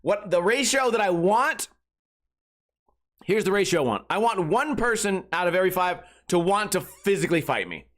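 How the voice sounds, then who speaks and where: A man's voice: high-pitched, expressive, normal speed, a bit bright. A man in his thirties hosting a casual comedic podcast, rambling crudely and filling his talk with filler words. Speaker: podcast host.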